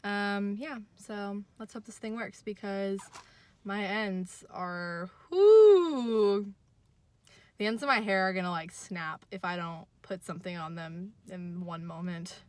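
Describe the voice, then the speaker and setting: A young woman chatting casually to the camera in her car, self-mocking and chatty, her voice jumping higher when she gets excited. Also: slow pace, a little hiss or hum. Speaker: vlogger. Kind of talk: casual vlog chat.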